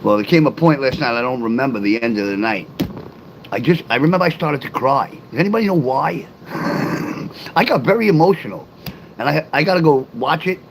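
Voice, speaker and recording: Middle-aged man, livestream host, loose rambling delivery, answers his chat out loud, faint hum underneath. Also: mid-range voice, animated, a little fast, low-quality recording. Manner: rambling, talks straight to chat viewers; reads and answers live comments aloud.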